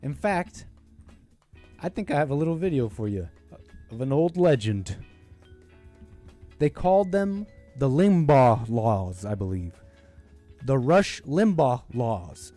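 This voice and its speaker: Hosting a casual political livestream, a man with a fairly high, mellow voice rambles hesitantly and often cuts himself off mid-sentence. The studio sound is clean, with no room sound.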